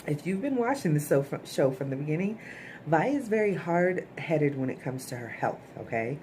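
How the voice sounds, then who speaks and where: Woman, very low voice, casual chatty recap, talks straight to viewers. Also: sing-song, moderate pace, a little mellow, a little hiss or hum. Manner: chatty, with frequent "okay?" asides to viewers. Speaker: TV show reviewer.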